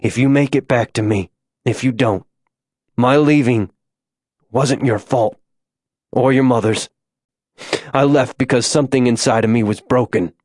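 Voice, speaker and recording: A man voicing a remorseful middle-aged father confessing in a hushed voice. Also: medium pitch, unhurried, pauses often, no room sound, clean studio sound, close to an everyday voice.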